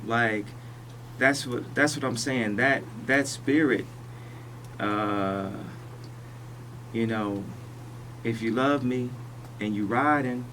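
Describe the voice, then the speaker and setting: A man speaking as a radio interview guest, talking in slow, halting phrases that he often restarts. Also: mid-range voice, a bit bright, distant mic, slight background noise, rough recording.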